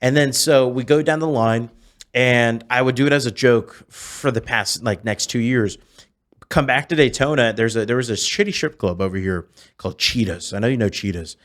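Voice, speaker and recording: A man in his twenties speaks as a podcast guest in an ordinary mid-range voice. He tells his stories in a lively way, doubling back and restarting sentences as he goes. His delivery stays loose and conversational. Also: mid-range voice, normal speed. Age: 20s. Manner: animated storyteller, frequent restarts. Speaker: podcast guest, celebrity impersonator. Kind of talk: casual storytelling chat.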